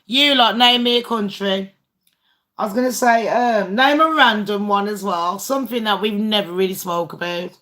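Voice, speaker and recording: British female host, chatty livestream, blunt, sweary, rambling delivery with a bright, sharp tone. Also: mid-range voice, normal speed. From Britain. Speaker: channel host. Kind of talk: casual livestream chat with viewers.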